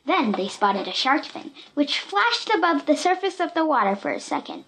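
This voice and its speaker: Woman reading a kids story aloud, higher voice, lots of ups and downs. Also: normal speed, gravelly. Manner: lively, expressive reading. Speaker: narrator.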